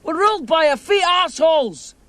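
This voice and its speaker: An actor with a Scottish accent playing a bitter young man in a film, shouting scornful curses at his friends. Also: very high voice, sing-song, fairly quick, exaggerated voice. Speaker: film character.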